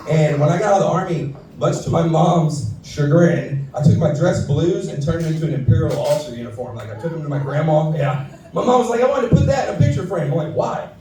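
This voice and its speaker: A man's voice: a little high, lively intonation, brisk, warm tone, faint music behind. Profane man doing stand-up. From Houston, Texas. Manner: profane storytelling with voiced quotes. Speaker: stand-up comedian. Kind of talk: stand-up set. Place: saloon stage. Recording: echoey room from far off.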